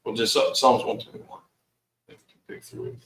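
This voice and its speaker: In an online Bible class from Milwaukee, Wisconsin, a man with a mid-range, fairly bright voice and little pitch movement explains Hebrew words in an easygoing, slangy way at a moderate pace. The audio is echoey and distant from the mic, with a little hiss or hum.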